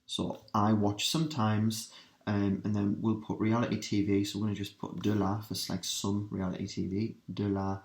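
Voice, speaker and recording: A man teaching a revision lesson, working through translations step by step and asking his students quick questions. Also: fairly low pitch, level tone, creaky, darkish tone. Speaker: language teacher. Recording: roomy echo.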